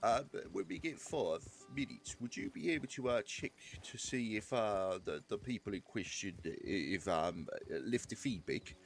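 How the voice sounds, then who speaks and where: A man with a lowish, gravelly voice, playing an eager young deputy in training. He is polite to a fault, trips over his words and tacks sir onto everything. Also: lively intonation, moderate pace, hardly any pauses, soft background music. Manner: eager, deferential, stammers, says sir a lot. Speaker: trainee deputy character in a roleplay. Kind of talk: in-character roleplay chat.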